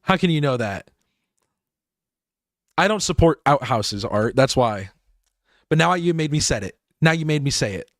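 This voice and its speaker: A man's voice: fairly high pitch, animated, moderate pace, dry recording, studio quality. A man streaming a game live, rambling and laughing as he talks to his chat.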